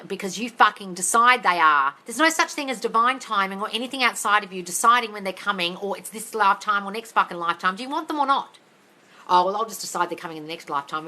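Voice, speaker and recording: A woman coaching viewers on a livestream, reading their questions and answering in a blunt, sweary, ranting way that often turns to yelling. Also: mid-range voice, low-quality recording. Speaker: manifesting coach answering live chat questions. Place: home desk area. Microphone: livestream on phone or computer.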